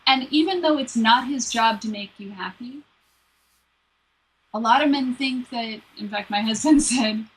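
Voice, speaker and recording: Breathy, high-voiced woman coaching couples. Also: measured pace, rough recording. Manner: earnest, lays out numbered steps, drops into playful quoted voices. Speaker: relationship coach. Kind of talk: advice-giving conversation.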